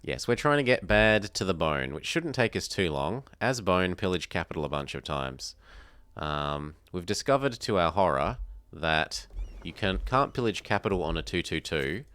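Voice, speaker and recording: A man's voice: low-pitched, sing-song, normal speed, fairly bright tone, no echo. An Australian man from South Australia, chatting casually as he streams a strategy game, thinking aloud and answering viewers. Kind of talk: casual live gameplay commentary.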